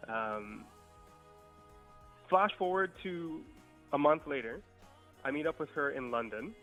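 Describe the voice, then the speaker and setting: A man's voice: fairly high pitch, lively intonation, takes it slowly, a bit bright, soft background music, poor audio. A young man casually telling a long, profane party story on a podcast, laid-back and swearing freely. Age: young adult. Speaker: guest storyteller.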